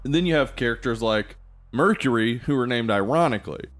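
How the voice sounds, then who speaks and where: A man's voice: medium pitch, expressive, a little fast, fairly bright tone. A man co-hosting a casual movie podcast, explaining things with many ums and uhs and laughing easily. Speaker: podcast co-host.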